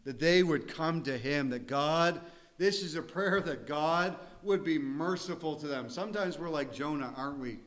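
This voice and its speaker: A pastor preaching a sermon in an earnest, conversational way, sometimes laughing and rising to emphasis. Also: male voice, fairly high pitch, moderate pace, fairly bright tone.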